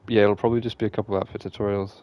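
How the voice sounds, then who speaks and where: A man's voice: fairly low pitch, little pitch movement, racing, dull audio. A man giving casual gameplay commentary, laid-back and swearing freely while he mutters to himself. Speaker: gaming channel host.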